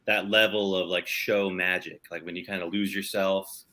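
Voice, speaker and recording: A man's voice: low-pitched, little pitch movement, moderate pace, bright, forceful tone. A young man from Los Angeles, a touring musician, chatting casually in an interview over a video call, laid-back and rambling with lots of fillers. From Los Angeles, San Fernando Valley.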